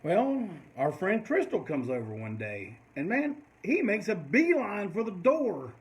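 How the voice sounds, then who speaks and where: High-voiced older man telling a story. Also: huge pitch swings, unhurried, poor audio. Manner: rambling, swears often. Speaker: host of a live stream. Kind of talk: casual storytelling.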